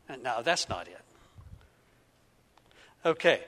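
A man's voice: on the high side, big pitch swings, measured pace, pauses often, a bit bright. A male pastor preaching a sermon, telling a story with frequent restarts and repeated words. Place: church sanctuary. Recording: echoey church sanctuary.

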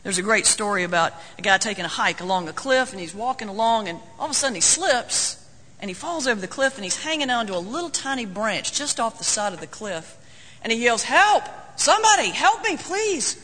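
A man's voice: high-pitched, lively intonation, brisk, bright, forceful tone. A man preaching a sermon as a folksy, joking storyteller. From North Carolina, US. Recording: long hall reverb.

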